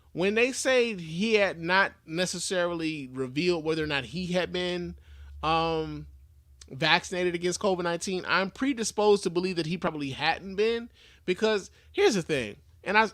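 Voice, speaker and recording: Male podcast host, loose and animated, restarts often, higher-pitched, dry mic. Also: normal speed, no echo. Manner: animated, swears casually, many restarts and fillers. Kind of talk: casual podcast commentary.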